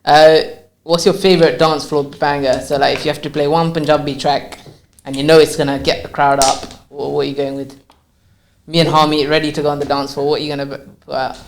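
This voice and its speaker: Podcast guy firing off quick questions, easy going, bit higher voice. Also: little pitch movement, a little hiss or hum. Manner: asks quick-fire questions, laid back. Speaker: podcast co-host. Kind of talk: casual podcast chat.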